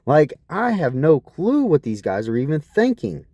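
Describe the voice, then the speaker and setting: A man vents a long, rambling personal account in a put-upon, profane tone. His pitch swings up and down a lot, and his voice is dark and mellow. The recording is close and dry, with no room sound. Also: very animated, normal speed, dry recording. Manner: aggrieved, profane, repeatedly asks what is wrong with people. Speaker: vlogger.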